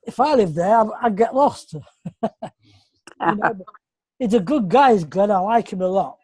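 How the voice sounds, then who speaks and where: A man's voice: high-pitched, animated, normal speed, darkish tone, slightly rough, no room sound. An English man rambling and apologising during a casual group video call. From England. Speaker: meeting participant.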